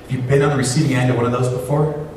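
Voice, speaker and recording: A pastor preaches in a conversational way, asking his listeners questions. His mid-pitched voice reaches the mic from a distance and rings through a very echoey hall, with faint ambience behind it. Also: fairly even intonation, very fast, darkish tone, a little hiss or hum. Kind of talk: sermon.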